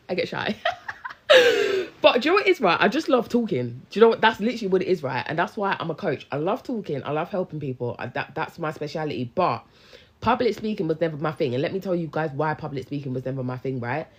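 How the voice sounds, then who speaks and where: Chatty low-voiced woman coach. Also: fast, slightly rough. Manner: chatty, slangy, animated, responds to viewers. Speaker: business coach. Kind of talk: casual live-stream chat. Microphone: handheld phone live stream.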